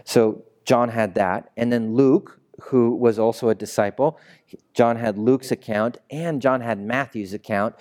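Speaking at a measured pace, this young adult pastor has a medium-pitched, slightly mellow voice. He jokes conversationally through his sermon in a church sanctuary, getting the congregation to call and respond.

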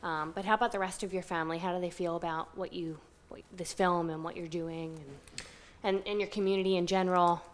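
Low-voiced woman asking from the audience. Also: fairly even intonation, fairly quick, few pauses, a little hiss or hum. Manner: curious, polite. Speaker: audience member asking a question. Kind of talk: question at a Q&A.

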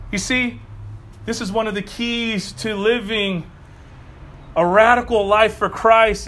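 A man's voice: high-pitched, fairly bright tone. A middle-aged male pastor preaching a sermon in a fired-up, conversational way with casual asides.

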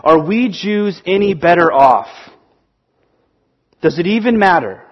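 A man's voice: high voice, expressive, unhurried, muffled recording. A man voicing an imagined student who raises his hand to object, asking earnest questions. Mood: pleading, questioning.

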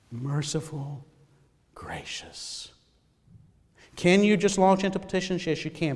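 A male pastor preaching a sermon, swinging between loud emphasis and hushed, near-whispered lines. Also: on the high side, big-room sound.

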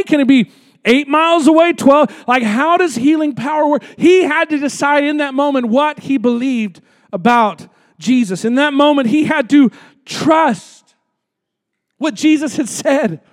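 A pastor preaching an impassioned sermon, swinging from hushed passages to shouting, and acting out the people in the story. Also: male voice, very high voice, no echo, studio quality. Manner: acts out the pleading nobleman.

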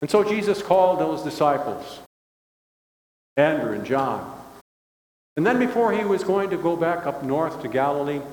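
Brief: older male pastor, folksy sermon delivery, slightly higher voice, echoey church hall. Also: big pitch swings, moderate pace, pauses often, a little mellow. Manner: folksy, conversational storytelling. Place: church sanctuary.

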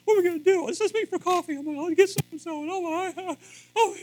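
A man mimicking a flustered, panicking woman friend in a shrill, breathless voice. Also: a little fast, a little mellow, no echo. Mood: panicked.

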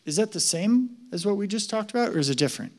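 A male pastor preaching a sermon in a conversational, emphatic way that rises to loud excitement. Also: high voice, quick pace.

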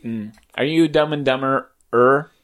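A man's voice: mid-range voice, normal speed, fairly bright tone. A man co-hosting a casual podcast chat, joking, laughing often and slipping into impressions. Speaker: podcast co-host.

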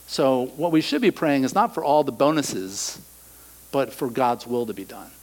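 A middle-aged male pastor preaching a sermon, animated, acting out quoted voices and dropping to soft asides. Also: medium pitch, normal speed, rough recording.

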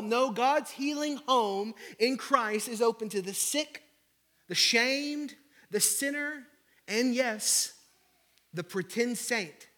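A male pastor preaching a sermon, building with repeated rhetorical questions and then dropping to a hushed, intimate delivery. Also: extremely high pitch, animated, slow.

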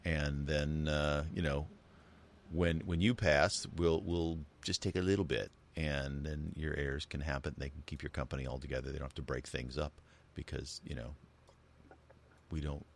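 A man's voice: very deep voice, steady tone, normal speed, a little hiss or hum. A man co-hosting a casual talk show, rambling and joking, with many restarts and fillers. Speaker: co-host. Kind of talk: casual chat.

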